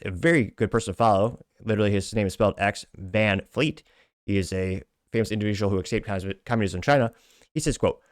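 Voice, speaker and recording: A man hosting a talk show, reading social media comments aloud with wry asides and quick self-corrections. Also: on the low side, dry recording, studio quality. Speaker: podcast host.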